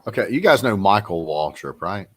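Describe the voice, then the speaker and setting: Low-pitched male podcast host, easygoing and emphatic. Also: very animated, moderate pace, background noise. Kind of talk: casual chat.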